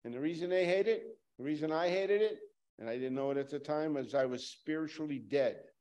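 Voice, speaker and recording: A man preaching a sermon emphatically, repeating lines for stress and swinging from loud to hushed. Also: on the high side, brisk, smooth.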